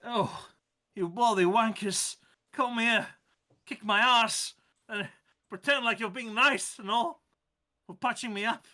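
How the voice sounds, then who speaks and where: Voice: medium pitch, slow, pauses often, bright, forceful tone, voice pushed up. A game master voicing a sassy, whiny wounded cactus creature in a put-on Italian accent, moaning and mocking. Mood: sneering. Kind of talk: tabletop game role-play.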